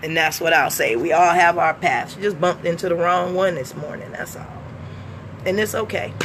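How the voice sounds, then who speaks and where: A woman's voice: fairly low pitch, moderate pace, fairly bright tone, slight background noise. A woman vlogging in a casual monologue, blunt and profane, laughing often between lines.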